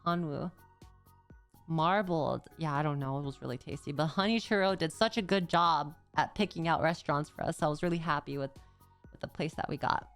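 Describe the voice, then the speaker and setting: Young female streamer, casual rambling chat; low-ish, smooth tone over faint music. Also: fairly quick. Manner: rambling, casual slang, frequent "like". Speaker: VTuber streamer.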